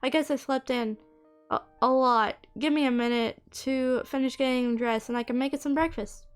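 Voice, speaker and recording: A woman's voice: high voice, fairly even intonation, moderate pace, smooth, faint music behind, lightly acted. A woman voicing a cheerful, chatty young woman who has just woken up, in a game playthrough. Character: cheerful sleepy young woman, friendly cousin.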